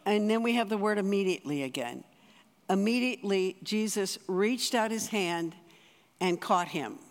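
A spiritual director giving a conversational, earnest sermon, often restarting phrases and slowing for emphasis. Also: medium pitch, lively intonation. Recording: long reverb of a large hall.

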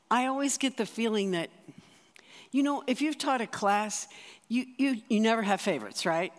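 A spiritual director gives an earnest sermon in a relaxed, conversational manner, stumbling and restarting phrases as ideas come. The middling-pitched voice is unhurried, and a long reverb trails each phrase as in a large church.

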